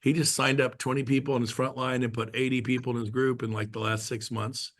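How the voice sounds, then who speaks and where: A man's voice: mid-range voice, little pitch movement, fairly quick. A middle-aged man talking casually to a real estate team, telling stories and joking as he acts out quotes. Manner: chatty storyteller, jokey, acts out quotes. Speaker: guest speaker at a real estate team meeting. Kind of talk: casual talk on a video call.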